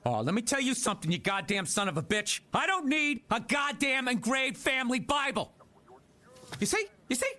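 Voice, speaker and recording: An actor playing a short-tempered, blustering middle-aged father in an animated sitcom, swearing through his tirades. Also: extremely high pitch, normal speed, exaggerated voice. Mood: yelling. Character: hot-tempered middle-aged working-class dad.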